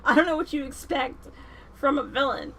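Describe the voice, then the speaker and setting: A woman vlogger giving casual, animated, slangy film commentary. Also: high-pitched, moderate pace, poor audio.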